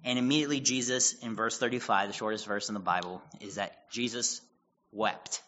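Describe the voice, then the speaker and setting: A man's voice: on the low side, fairly even intonation, a little fast, bright, forceful tone, muffled recording. A man as pastor giving casual Bible teaching, retelling scripture in a conversational way with quoted dialogue and asides.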